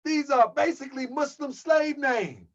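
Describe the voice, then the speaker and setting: A man's voice: very high-pitched, moderate pace, a bit bright, muffled recording. Heated mocking man on a livestream. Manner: heated, mocking, addresses viewers as family. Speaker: channel host. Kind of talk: livestream rant.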